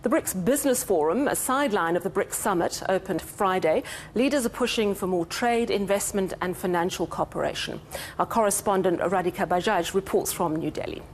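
A woman news anchor reads scripted headlines at an even, measured pace. Her voice sits in a middle register. A faint hiss runs under the read. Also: mid-range voice. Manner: measured, steady delivery.

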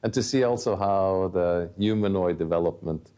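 Very deep-voiced man executive talking. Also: moderate pace, warm tone, smooth, muffled recording. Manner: hesitant, with fillers and restarts. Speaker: company executive interviewed. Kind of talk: unscripted interview answer.

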